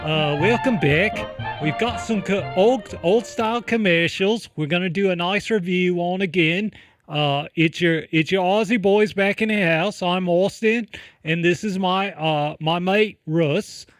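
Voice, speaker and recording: A man's voice: high voice, unhurried, no room sound, faint music behind. Man putting on a brash Aussie bloke host. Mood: bossy. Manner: bossy, slangy, calls everyone mate. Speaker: comedy podcast host. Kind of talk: improvised comedy podcast bit. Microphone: podcast microphone.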